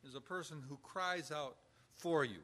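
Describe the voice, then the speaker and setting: A man's voice: fairly high pitch, normal speed, sharp tone. A man giving an informal lecture on caregiving with numbered points, talking conversationally and acting out example dialogue. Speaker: instructor on pastoral caregiving.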